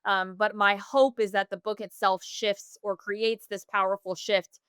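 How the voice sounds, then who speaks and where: A woman's voice: mid-range voice, level tone, unhurried, a bit bright, clean tone, no room sound, clean studio sound. A woman in her thirties, a podcast guest, telling a personal story earnestly, with many fillers and self-corrections. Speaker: podcast guest, business founder.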